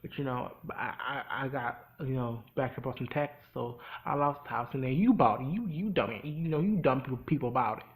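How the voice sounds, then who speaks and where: A man's voice: mid-range voice, a little fast, few pauses, natural voice. A man voicing a grown man who hurriedly rambles through an explanation, close to his own voice. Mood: explaining.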